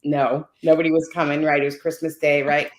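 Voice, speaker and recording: A lower-pitched woman speaks on a video call, telling a personal story with lively, conversational momentum. She keeps checking in with her listeners with "right?". Her voice carries a noticeable roomy echo. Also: a little fast. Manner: animated storyteller, tags lines with "right?". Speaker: guest.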